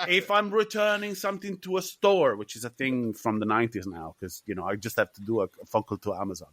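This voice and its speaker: A man's voice: mid-range voice, quick pace, hardly any pauses, a bit bright, dry recording. A man co-hosting a film podcast, talking animatedly with lots of swearing and laughter. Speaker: podcast co-host. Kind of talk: casual film chat.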